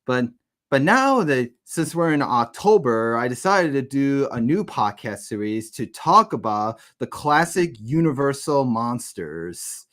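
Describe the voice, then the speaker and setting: A man's voice: mid-range voice, sing-song, a little slow, a bit bright. A man hosting a casual podcast over a video call, rambling and restarting his sentences. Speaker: podcast host.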